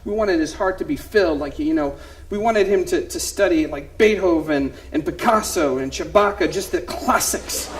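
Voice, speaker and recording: A man performing a one-man comedy show on stage, telling animated stories and acting out voices of his family. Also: high-pitched, normal speed, slight background noise. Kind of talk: stand-up storytelling. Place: theater stage before a live audience.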